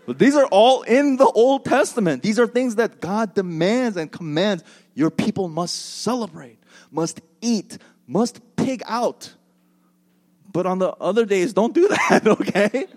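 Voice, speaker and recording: A man preaching a sermon as pastor, animated and joking in a conversational way. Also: high voice, unhurried. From United States.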